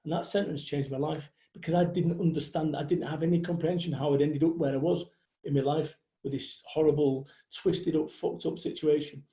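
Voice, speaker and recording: Sweary, gravelly-voiced man in his forties. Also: a little high, fairly even intonation, brisk, mellow. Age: 40s. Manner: blunt, sweary storyteller. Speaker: guest motivational speaker. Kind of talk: casual livestream chat. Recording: echoey room.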